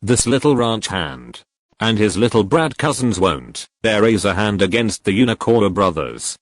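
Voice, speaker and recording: A man voicing a calm, authoritative eldest brother leading a bandit gang. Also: on the low side, normal speed, dry recording. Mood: commanding.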